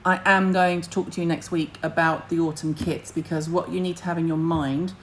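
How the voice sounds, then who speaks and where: A woman's voice: fairly low pitch, flat delivery, fairly quick, slight background noise, rough recording. Chatty, blunt woman host. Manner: chatty, blunt, swears casually, jumps between topics. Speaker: skincare livestream host. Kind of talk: casual livestream chat to viewers.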